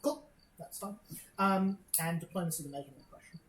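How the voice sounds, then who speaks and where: A woman's voice: fairly low pitch, a little fast, roomy sound, a little hiss or hum, rough recording. A woman narrating a tabletop game as game master, describing scenes with many hesitant fillers.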